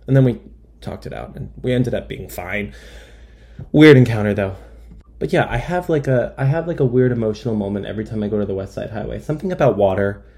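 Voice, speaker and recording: A man's voice: lowish voice, lively intonation, fast, vocal fry, mellow. A young man telling a comic monologue in a rambling, self-deprecating way with wry asides. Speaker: comedian. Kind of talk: stand-up style comic monologue.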